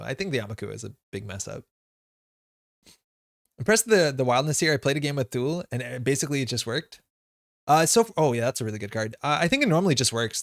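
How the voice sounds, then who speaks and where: Playing a card game live, this man mulls over every move out loud in a relaxed way, dropping frequent fillers into his commentary. The recording is close and dry, free of room echo, and his pitch sits at an ordinary middle level.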